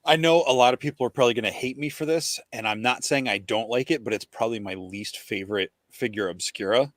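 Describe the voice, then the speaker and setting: A man's voice: medium pitch, fast, fairly bright tone, dry recording. A man hosting a casual podcast, enthusiastic but hesitant, with many ums and restarts. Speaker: podcast host. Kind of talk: casual chat about collectible toys.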